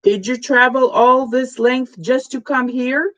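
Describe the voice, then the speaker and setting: A woman reading the part of a stern male temple priest who speaks in a lifeless monotone. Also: high voice, unhurried, lo-fi sound, voice pushed up. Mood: flat.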